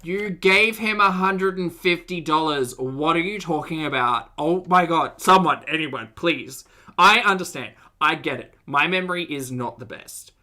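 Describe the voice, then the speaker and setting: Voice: mid-range voice, measured pace, sharp tone. A host of a live reaction stream, giving sarcastic, exasperated commentary and laughing often.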